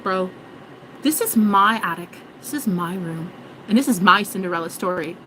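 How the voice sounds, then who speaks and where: A woman's voice: medium pitch, animated, moderate pace, a bit bright, a little hiss or hum, rough recording. A woman vlogging in a rambling, joking monologue, swearing and mocking herself. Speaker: spiritual vlogger.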